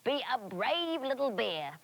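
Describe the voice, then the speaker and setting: A woman voicing a cheerful, caring teddy bear boy who speaks gently and reassuringly. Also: fairly high pitch, big pitch swings, a little slow, heavily acted.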